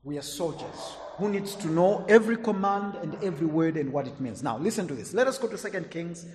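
A man preaching a sermon, swinging between loud emphatic lines and quiet asides. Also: a little high, lively intonation, fairly quick, a little hiss or hum. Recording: echoey hall, long reverb.

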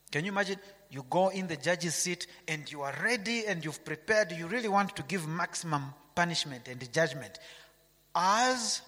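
A man's voice: a little high, sharp tone, big-room sound. A man preaching a sermon, reading scripture aloud and asking his listeners rhetorical questions.

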